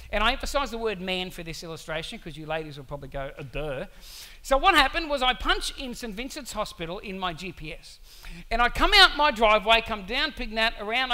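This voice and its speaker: A man preaching a sermon, telling a story in an animated way with asides to the congregation. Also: extremely high pitch. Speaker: pastor.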